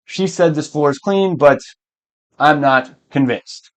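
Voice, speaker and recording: A man's voice: on the high side, slow pace. A man playing a puzzled office boss. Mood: questioning.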